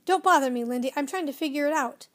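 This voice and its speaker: A woman voicing a fussy, excitable elderly male professor who speaks loudly and urgently in a children's storybook reading. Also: sits high, fast talker, natural voice. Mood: flustered. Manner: loud and urgent, easily flustered.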